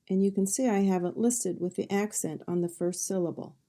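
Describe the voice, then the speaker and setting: A woman's voice: mid-range voice, moderate pace, few pauses, mellow. A woman teaching a phonics lesson, sounding out words one sound at a time and then saying each word whole.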